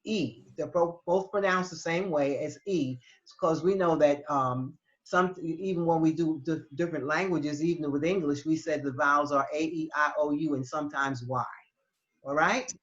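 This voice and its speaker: A woman teaching Spanish in an online class, explaining patiently with halting restarts over a video call. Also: deep voice, highs cut off.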